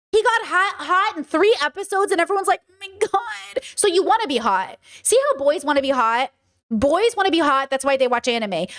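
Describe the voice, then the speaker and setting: A young woman hosting her channel, chatting casually about shows in an animated, swearing way, often saying bro. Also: high voice. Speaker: channel host. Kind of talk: casual commentary chat.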